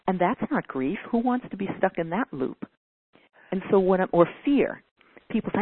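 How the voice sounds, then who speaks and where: A woman's voice: mid-range voice, expressive, moderate pace, husky. A woman giving a teaching talk, answering a caller's question in an earnest way and now and then acting out whiny quoted voices. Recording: dry phone-like audio.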